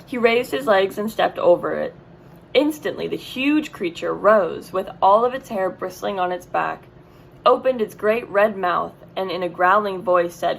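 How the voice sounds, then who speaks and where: A woman's voice: medium pitch, unhurried, vocal fry, slight background noise, poor audio. A woman reading a children's book aloud, with casual asides and self-corrections. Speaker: reader.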